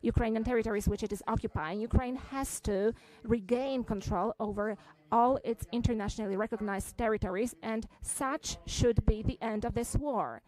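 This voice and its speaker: A woman giving a simultaneous interpretation at a press conference, halting, with frequent fillers and restarts. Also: on the high side, a little mellow, poor audio.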